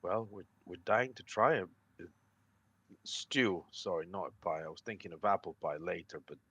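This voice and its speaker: A man playing a courteous wandering ranger, deep and apologetic. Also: a bit bright, slightly rough, muffled recording, exaggerated voice. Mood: earnest, apologetic. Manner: polite, apologetic, halting. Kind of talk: in-character role-play over a call.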